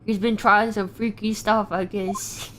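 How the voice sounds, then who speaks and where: A woman chats along as she streams a video game, giggling at the story and reacting out loud. She talks at an unhurried pace, and faint noise sits under her voice. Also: mid-range voice, level tone. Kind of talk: casual let's-play commentary.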